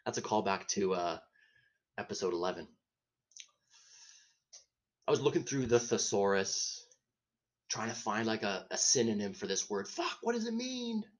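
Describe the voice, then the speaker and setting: Rambling, profane podcast host telling a story. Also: male voice, fairly low pitch, normal speed, long pauses. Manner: rambling, profane, self-interrupting, laughs at own story. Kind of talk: casual comedic storytelling.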